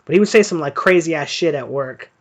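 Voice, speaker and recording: A man's voice: on the high side, brisk. A young man hosting a live boxing stream, casually telling a profane, rambling story full of fillers. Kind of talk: casual storytelling during live fight commentary.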